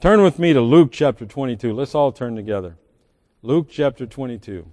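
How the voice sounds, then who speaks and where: A man's voice: medium pitch, animated, brisk, a little mellow, big-room sound. A man preaching a sermon as pastor, reading scripture aloud with emphatic swells and sudden drops. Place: large church sanctuary.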